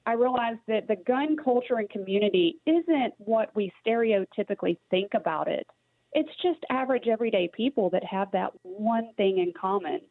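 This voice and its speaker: A woman's voice: mid-range voice, moderate pace, no echo. Woman, Southern accent, earnest guest, casual interview, phone-like sound, dry. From Tennessee. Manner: earnest, with fillers and restarts. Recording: dry tinny phone-like line.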